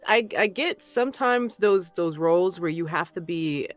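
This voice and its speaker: A woman's voice: on the low side, lively intonation, moderate pace, faint music behind. A woman who works as a voice narrator, chatting casually about her craft. She speaks in a thoughtful, self-conscious way. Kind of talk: casual chat.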